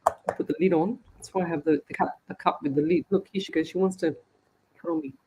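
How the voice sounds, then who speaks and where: A woman's voice: on the low side, fairly even intonation, quick pace, a little mellow, slight background noise. An Australian woman, a psychic medium, hosting a live show and chatting frankly with her viewers. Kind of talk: casual live-stream chat.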